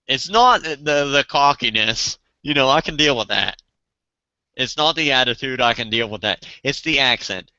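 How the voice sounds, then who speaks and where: A man hosts a loose casual chat, joking, swearing and laughing easily. His voice is very bright, clean and smooth, and it sits in a dry space on a slightly dull recording. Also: medium pitch, no echo. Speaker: channel host.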